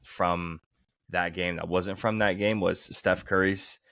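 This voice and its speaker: A man co-hosting a podcast, chatting about sports in an easygoing, relaxed way. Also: low-pitched, slow pace, creaky, no room sound. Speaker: podcast co-host. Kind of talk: casual sports chat.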